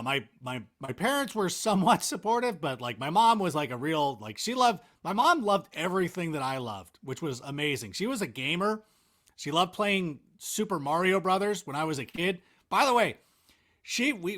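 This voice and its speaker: Male guest, 40s, higher and very lively voice, rambling self-deprecating storyteller. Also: normal speed. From Southern California, US. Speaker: sports analyst and guest. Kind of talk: casual interview chat.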